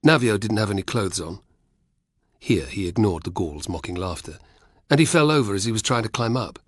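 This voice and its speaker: A man narrating an audiobook in a steady storytelling manner. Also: on the low side, a little fast, husky, dry recording, studio quality.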